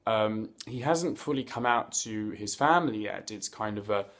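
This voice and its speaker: Hosting a laid-back reality TV review vlog, a man talks at normal speed in a lowish, slightly bright voice with lively intonation. He's chatty and playful, full of campy slang and asides, and sometimes stumbles on words.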